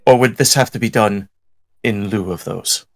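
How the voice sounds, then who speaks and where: A man playing a tabletop game, laying out plans in a measured, step-by-step way. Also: fairly low pitch, vocal fry, dry recording. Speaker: player.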